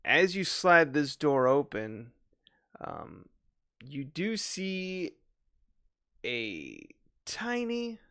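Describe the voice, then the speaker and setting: Male game master, slow, animated, bright and gravelly. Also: fairly high pitch. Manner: slow, descriptive narration with fillers and laughs. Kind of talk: narrating a tabletop game.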